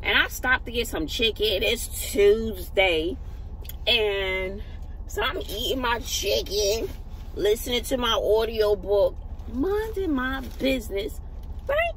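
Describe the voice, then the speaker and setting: A woman's voice: mid-range voice, takes it slowly, a little hiss or hum, poor audio. A woman, a teacher, casually telling a story to her camera while sitting in her car, acting out what people said. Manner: animated storyteller, acts out quotes. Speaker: vlogger, schoolteacher.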